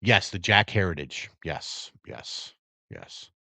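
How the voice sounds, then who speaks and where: Middle-aged man, very low voice, dry close mic; relaxed rambling livestream host tasting and chatting. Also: takes it slowly, creaky, dry recording. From Virginia area, USA. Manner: relaxed, rambling, savoring and reacting to sips. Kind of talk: casual live-stream chat.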